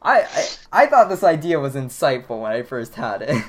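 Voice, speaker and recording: Male podcast host, mid-pitched, laughs easily, stammers when excited. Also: normal speed, a little hiss or hum. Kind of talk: casual chat, running a game segment.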